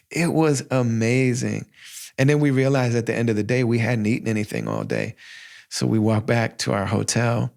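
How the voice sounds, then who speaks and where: A man in his forties, hosting a podcast and telling a personal story in a casual, heartfelt way, often quoting himself in lively asides. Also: mid-range voice, normal speed, gravelly. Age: 40s. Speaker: podcast host.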